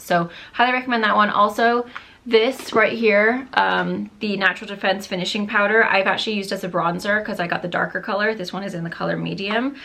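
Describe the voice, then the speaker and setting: A woman's voice: lowish voice, a bit bright. A young adult woman chatting casually in a makeup review vlog, gushing and filling her talk with "like" and "um", her voice a little worn as she says she is losing it. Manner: chatty, gushing, many fillers like "like" and "um". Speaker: beauty vlogger.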